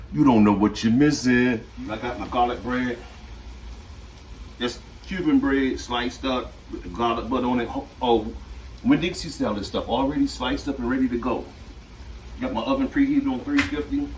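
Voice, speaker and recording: A man hosting a casual home cooking video, talking in a relaxed, repetitive way as he works. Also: medium pitch, roomy sound, slight background noise. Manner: chatty and relaxed, repeats himself often. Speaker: home cook and channel host. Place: home kitchen at the stove. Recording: distant mic with loud sizzling from the pan.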